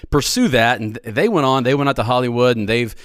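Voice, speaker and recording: A man with a Southern US accent, a filmmaker guest talking in a relaxed, jokey, rambling way on a podcast. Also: mid-range voice, fast talker, no room sound, clean studio sound. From Georgia, US. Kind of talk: casual podcast interview.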